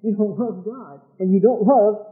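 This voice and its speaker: A man's voice: high-pitched, unhurried. A man preaching a sermon, emphatic, repeating phrases and asking rhetorical questions. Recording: tinny phone-like sound.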